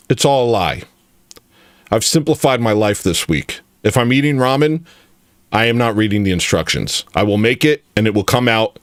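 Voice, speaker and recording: A man's voice: fairly low pitch, no room sound, clean studio sound. A man hosting a casual comedy livestream, rambling and joking while reacting to chat. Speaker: livestream host.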